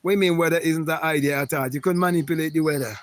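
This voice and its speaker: A man's voice: fairly high pitch, steady tone, rapid-fire, no room sound. Emphatic preachy man, dry close sound. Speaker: spiritual talk host answering comments. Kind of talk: casual live talk reading viewer comments.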